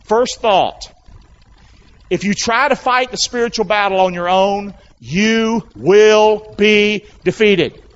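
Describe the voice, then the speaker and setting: A man's voice: sits high, slow pace. A male pastor, preaching a sermon in a church and coaxing the congregation to repeat phrases back in call and response. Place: church sanctuary. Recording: dull lo-fi sound.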